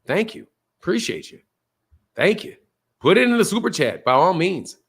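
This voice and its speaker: A man's voice: sits high, very animated, moderate pace, breathy edge. A man hosting a live-streamed boxing talk show, reading super chats and firing back at trolls, often repeating himself. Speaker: boxing channel host.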